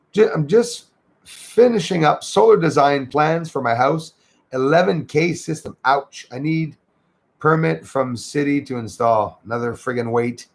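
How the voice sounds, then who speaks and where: A man's voice: fairly high pitch, expressive, unhurried, gravelly. A man hosting a casual livestream from home, chatting loosely, reading out viewer comments and greeting viewers, sometimes in French. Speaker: livestream host. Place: home in Canada near the Michigan border.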